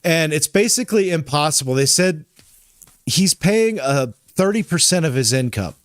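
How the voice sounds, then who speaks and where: A man's voice: a little high, expressive, normal speed, dry recording, studio quality. A man hosting a podcast in casual chat, rambling with frequent restarts and self-corrections. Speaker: podcast host.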